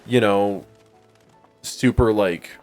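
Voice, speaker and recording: A man talks his way through a story, full of "like" and "you know", laughing at his own punchlines. His voice sits a little low. Faint game music plays behind him. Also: takes it slowly. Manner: rambling, filler-heavy, laughing at own stories. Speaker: gameplay co-host. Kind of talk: casual storytelling chat over gameplay.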